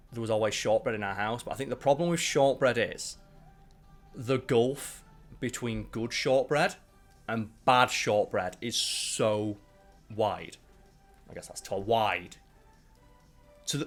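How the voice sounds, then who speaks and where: Male host, casual stream chat, rambling and sweary, mid-pitched. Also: fairly bright tone. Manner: rambling, profane and opinionated. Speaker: channel host ranking biscuits.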